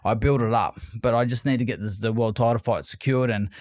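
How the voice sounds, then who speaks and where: A man's voice: mid-range voice, fairly quick, dry recording. Man, from Australia, former boxer, rambling storyteller, repeats himself, dry close mic. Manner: rambling, repeats words and restarts, animated retelling. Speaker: guest, former boxing world champion. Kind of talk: casual interview storytelling.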